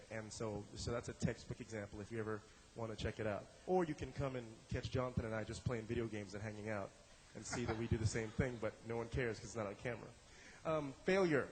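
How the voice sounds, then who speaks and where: Male improv teacher, playful and animated, talking to a roomful of students. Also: medium pitch, a little hiss or hum, rough recording. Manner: playful, animated, acts out quick examples in silly voices. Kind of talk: lecture to a live class. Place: room with a live audience.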